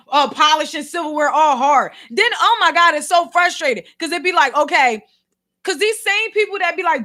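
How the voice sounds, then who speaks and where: A woman with a Philadelphia accent rants straight to her audience in a vlog. Her voice sits very high and comes across bright and sharp. She talks with exasperated, slangy energy. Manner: exasperated, animated ranting full of slang. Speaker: vlogger and podcast host. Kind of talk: ranting commentary.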